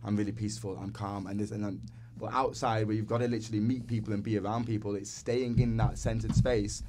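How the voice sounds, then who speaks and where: A man's voice: fairly low pitch, level tone, brisk, background noise. A man in casual podcast conversation as a guest dancer, earnest and reflective. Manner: earnest, reflective, talks in a rush.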